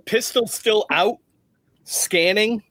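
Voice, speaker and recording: A man at a tabletop game with a slightly high, bright, forward voice. He speaks carefully and tactically. The recording is close and dry. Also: takes it slowly, no room sound. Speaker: player.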